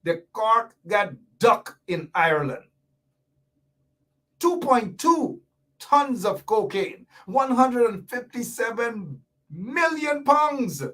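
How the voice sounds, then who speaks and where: A man's voice: very high voice, very animated, takes it slowly, bright, forceful tone, far from the mic. A man hosting a commentary show, talking emphatically, repeating his points and throwing in sarcastic asides. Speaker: host. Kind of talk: animated political commentary show.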